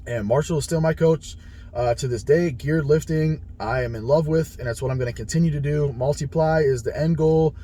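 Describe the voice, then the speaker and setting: A man's voice: on the high side, a little fast, mellow, a little hiss or hum. A man casually telling a story about his training, blunt and heavily profane, acting out the conversations he had. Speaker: powerlifter sharing his experience.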